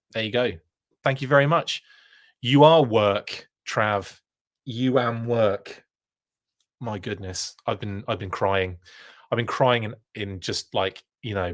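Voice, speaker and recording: A man's voice: lowish voice, a bit bright. A man hosting a live podcast, chatting casually and reading viewer comments, rambling with plenty of fillers and playful jokes. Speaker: podcast host.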